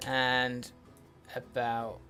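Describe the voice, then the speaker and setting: A man's voice: medium pitch, monotone, extremely slow, sharp tone. A man giving casual game commentary as a let's play host, muttering to himself with wry, sweary asides. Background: faint in-game music.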